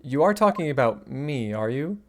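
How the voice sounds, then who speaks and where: A woman's voice: extremely low pitch, sing-song, moderate pace, noisy background. A woman reading a flustered young lawyer. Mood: baffled. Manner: hesitant, stammering.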